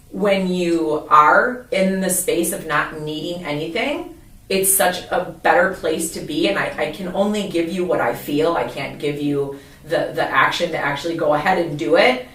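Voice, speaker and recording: A woman's voice: lowish voice, normal speed, fairly bright tone. A woman co-hosting a podcast, telling candid, confessional stories about her own past in casual chat. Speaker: podcast co-host. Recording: roomy echo, mic at a distance.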